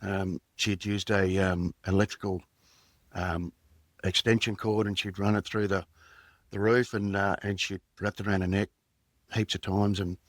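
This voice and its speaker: As a podcast guest, a middle-aged Australian man who used to be a police detective shares a personal story. He has a deep voice and a level tone, pausing, restarting and using many fillers as he reflects, with no room sound.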